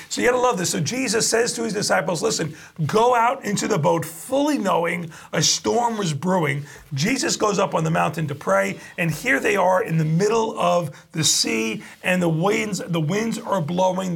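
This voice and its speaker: A man preaching a sermon, reading scripture aloud and retelling it with lively asides. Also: a little high, gravelly, husky. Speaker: pastor.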